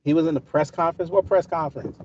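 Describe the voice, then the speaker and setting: A man with a high-pitched voice talks back to his chat while driving, sarcastic and combative. The sound is dull and lo-fi, caught on a phone inside the car. Steady road noise runs clearly underneath him. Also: fast. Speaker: streamer answering live chat. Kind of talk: live-stream commentary while driving.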